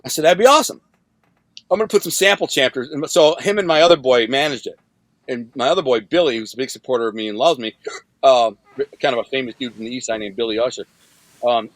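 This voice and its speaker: A man from Detroit telling his life story as a guest, in a casual, animated way, acting out what others said and repeating words for emphasis. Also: dry recording. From Detroit, USA. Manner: animated, acts out quoted voices with big pitch jumps.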